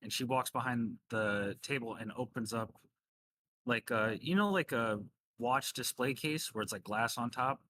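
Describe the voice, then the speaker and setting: A man's voice: mid-range voice, normal speed, bright, forceful tone, no echo. A man narrating as game master in a casual tabletop game, talking loosely with many fillers.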